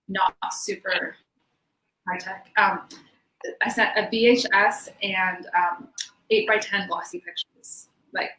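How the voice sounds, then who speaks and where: A woman's voice: mid-range voice, sharp tone, slight background noise. Chatty woman on an echoey video call. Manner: chatty, laughing often, many fillers. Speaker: interview guest, belly dancer. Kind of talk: casual video-call interview. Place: home room in Sweden.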